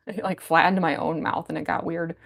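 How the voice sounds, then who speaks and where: A giggly woman chats through a relaxed livestream, answering viewer comments as they come in. Her voice sits fairly low and carries a gravelly fry at the ends of her phrases. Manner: chatty, giggly, reads chat comments aloud. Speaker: cosplayer livestreamer. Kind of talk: casual livestream chat.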